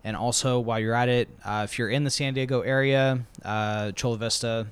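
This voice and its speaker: A man's voice: mid-range voice, steady tone, a little fast, clear, resonant tone. A man co-hosting a casual podcast, reading off sponsor plugs in a laid-back way with lots of ums. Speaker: podcast co-host.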